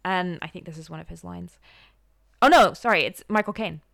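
A young woman co-hosting a podcast, reviewing a film in a chatty, halting way with frequent laughs. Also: fairly low pitch, creaky, fairly bright tone, no room sound, clean studio sound. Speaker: podcast co-host. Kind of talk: casual film review chat.

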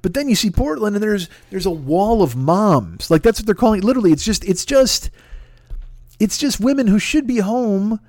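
A man ranting on a comedy podcast, profane and rambling, with frequent exasperated outbursts. His voice sits a little higher than most men's, and it is recorded dry and close on a studio mic with no room sound. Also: lively intonation, moderate pace, a little mellow, no room sound.

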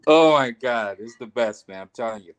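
A man's voice: mid-range voice, moderate pace, clean tone, no echo. A man chatting casually, laid-back and laughing often, using street slang. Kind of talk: casual banter.

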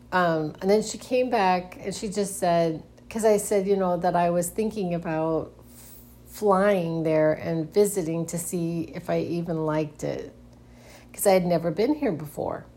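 A middle-aged woman hosts a casual solo podcast monologue in a mellow voice on the low side. She speaks hesitantly, often restarting and giggling nervously.

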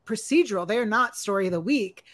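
A woman's voice: medium pitch, expressive. A woman co-hosting a podcast in casual, hedging chat. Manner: chatty, hedging, with filler pauses. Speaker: podcast co-host.

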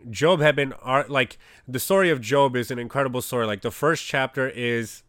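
A man's voice: mid-range voice, normal speed, fairly bright tone, dry recording, studio quality. A man telling a casual faith testimony, rambling and packed with "you know, like" fillers. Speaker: Christian speaker.

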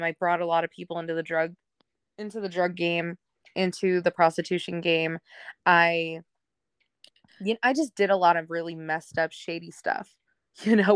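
A woman's voice: lowish voice, clear, resonant tone, no echo, clean studio sound. A young woman telling her life story candidly in a casual podcast chat, laughing often and acting out what others said. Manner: candid, laughs often, acts out quoted people. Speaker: podcast guest.

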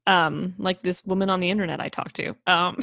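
A woman's voice: fairly quick, vocal fry, no room sound. A woman co-hosting a casual podcast chat, recapping a film's plot, acting out the characters' lines and swearing freely. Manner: animated, acts out characters with big pitch jumps, swears casually. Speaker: podcast co-host.

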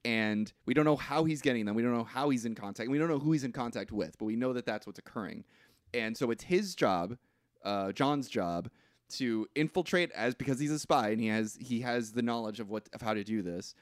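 A man co-hosting a podcast, recapping a movie in casual chat, rambling and halting with restarts and swearing. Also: medium pitch, no echo, studio quality. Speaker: podcast co-host.

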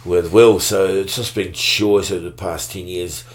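A man, telling a story in a relaxed, slangy way. He keeps it loose and casual, with sudden bursts of excitement. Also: deep voice, a little slow. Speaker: guest.

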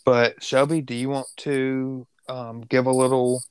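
A podcast co-host chatting casually in an easygoing, measured way. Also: medium pitch, flat delivery, darkish tone, smooth.

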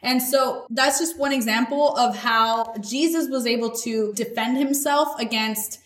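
A woman's voice: fairly high pitch, measured pace, a bit bright. A woman hosting a podcast, giving a casual, earnest faith talk in a conversational, slangy way. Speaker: podcast host. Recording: echoey room.

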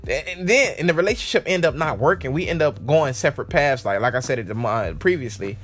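A man's voice: fairly high pitch, animated, fast talker, fairly bright tone, soft background music. A man casually telling a personal story as a podcast host, full of "like" and "man," laughing often.

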